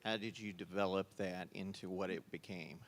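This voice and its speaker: A man's voice: sits low, fairly even intonation, moderate pace. A man in the audience earnestly asking a panel guest a question. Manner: admiring, earnest. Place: convention hall audience. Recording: distant, noisy hall.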